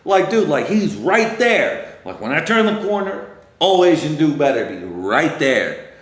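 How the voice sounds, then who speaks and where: A man hosting a podcast, rambling through a casual, profane solo monologue that swings from loud excitement to low muttering. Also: measured pace, echoey room. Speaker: podcast host.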